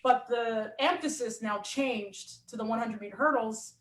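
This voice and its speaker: A woman athlete and coach telling a story in a lively, animated way in a casual interview. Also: a little high, measured pace. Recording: roomy echo.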